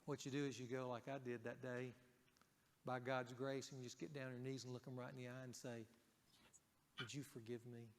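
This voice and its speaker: A male pastor preaching a sermon in a conversational way, raising his voice for emphasis and dropping it softly for key points. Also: medium pitch, flat delivery, a little fast, big-room sound, noisy background.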